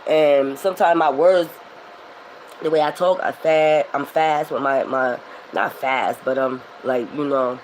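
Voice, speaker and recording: A woman's voice: a bass voice, fairly even intonation, unhurried, a little mellow, a little hiss or hum, poor audio. Emphatic, swearing woman. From Philadelphia. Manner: emphatic, rambling, swears freely. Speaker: tarot reader. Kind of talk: spiritual vlog monologue.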